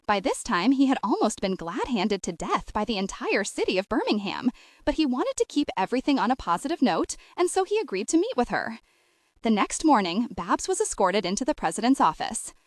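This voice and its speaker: A woman reads a novel aloud as an audiobook narrator, telling it with expressive flair. Her voice sits a little high and swings widely in pitch. The recording is dry and close, with no room sound. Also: moderate pace, no echo. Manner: expressive, lively storytelling. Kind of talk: scripted narration.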